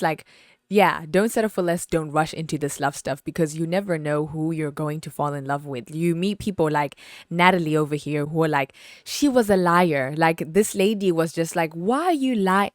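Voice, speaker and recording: A woman hosting a podcast, chatting about a film in an animated, exclaiming way with lots of fillers. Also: deep voice, moderate pace, no room sound, studio quality. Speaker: podcast host. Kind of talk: casual movie review chat.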